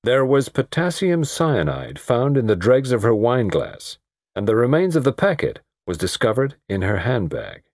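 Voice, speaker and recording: A man's voice: medium pitch, big pitch swings, normal speed, darkish tone, no room sound, clean studio sound. A man voicing a brooding, determined middle-aged host who speaks intensely and emphatically.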